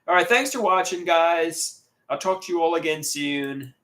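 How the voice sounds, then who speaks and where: A man with a slightly high, somewhat bright voice hosts a casual livestream at a moderate pace. He reads viewer comments aloud and responds, frequently repeating words and starting over mid-thought.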